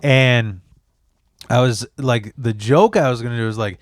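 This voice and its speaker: Crude, animated man in his thirties. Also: medium pitch, unhurried, no room sound. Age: 30s. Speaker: podcast host. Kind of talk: casual storytelling chat.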